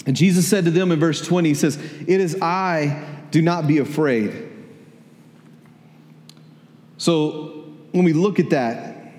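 A man's voice: fairly high pitch, a little slow, pauses often, darkish tone. A man preaching a sermon in a church, conversational, repeating words and asking the congregation questions. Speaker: pastor. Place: church hall. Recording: echoey hall.

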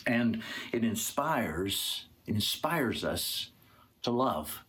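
A man's voice: lowish voice, big pitch swings, very slow, a bit bright, breathy edge. A male pastor preaching a sermon and reading scripture, earnest and repeating words for emphasis.

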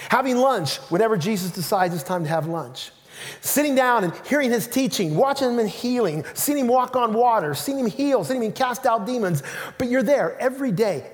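A man preaching a sermon as pastor in a church, telling the story in an animated way and acting out the quotes. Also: sits high, moderate pace. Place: church sanctuary. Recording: reverberant church hall.

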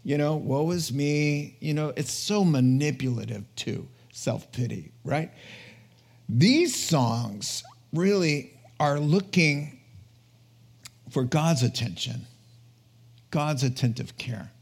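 A man's voice: mid-range voice, animated, slow, gravelly, breathy edge. A man preaching a conversational sermon in an earnest, chatty way, often checking in with his listeners. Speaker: pastor.

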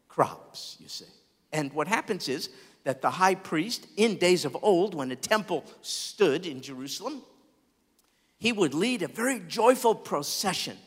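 A man preaching a sermon as pastor, expressive, with large swings in loudness. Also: high voice, husky. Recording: long hall reverb.

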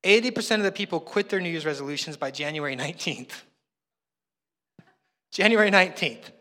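A male pastor preaches in a chatty, self-mocking storytelling way. His voice sits high and sounds bright and forceful. The sound trails off in long reverb from a large hall. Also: quick pace. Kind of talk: sermon.

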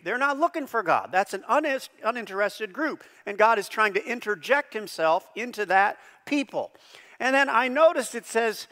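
A middle-aged man preaching a sermon as pastor, animated, with loud high bursts on the phrases he stresses. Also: moderate pace. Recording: long hall reverb.

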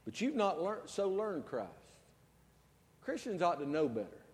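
High-voiced preacher man in reverberant church. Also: very animated, unhurried. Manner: storytelling preacher, swings from loud to soft. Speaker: pastor. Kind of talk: sermon.

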